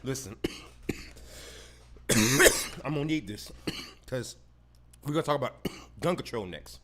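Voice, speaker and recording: On his solo podcast, a man rants about politics with lots of profanity, tripping over and repeating words as his temper rises. He speaks a little slowly with lively intonation at medium pitch, against a noisy background.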